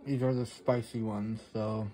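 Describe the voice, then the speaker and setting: A man with a fairly low voice rambles through a casual vlog from a dinner table, swearing freely and talking through mouthfuls. The sound comes from a camera microphone, with a faint hiss behind him. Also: little pitch movement, a little slow, dark tone. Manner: offhand, rambling, swears freely, talks while chewing. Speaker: vlogger.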